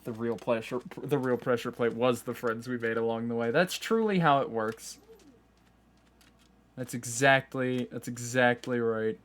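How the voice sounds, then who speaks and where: A man's voice: medium pitch, measured pace, fairly bright tone. A man streaming a game live, talking casually and joking at himself with frequent laughs, keyboard typing behind him. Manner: chatty, self-mocking, laughs often.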